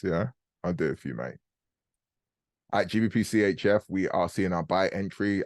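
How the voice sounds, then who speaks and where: Brief: young male host, very low voice, dry close sound, quick casual trading talk. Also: darkish tone, no echo. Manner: fast, casual and explanatory, slangy. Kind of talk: live trading commentary on a group call.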